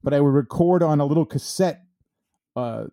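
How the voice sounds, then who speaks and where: A man's voice: fairly high pitch, normal speed, mellow, no echo, clean studio sound. A middle-aged man co-hosting a podcast, explaining old film formats hesitantly with many fillers. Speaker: podcast co-host. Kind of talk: casual chat.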